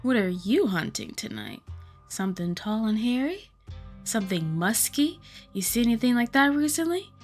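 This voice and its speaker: A woman's voice: fairly high pitch, very animated, moderate pace, soft background music. A woman voicing a chipper, nosy young female cryptid hunter, reading a game aloud in an upbeat, breezy way. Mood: eager.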